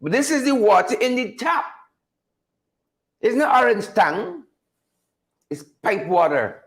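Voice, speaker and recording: Emphatic high-voiced Guyanese man. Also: sing-song, takes it slowly. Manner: emphatic, repetitive, rhetorical questions; reads out viewer names. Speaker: host. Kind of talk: political commentary show.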